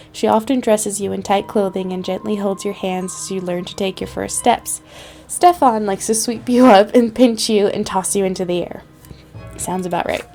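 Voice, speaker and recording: A woman's voice: mid-range voice, dark tone. Young woman reading a game aloud. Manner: reads story text aloud with playful asides. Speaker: gaming channel host. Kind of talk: let's play narration.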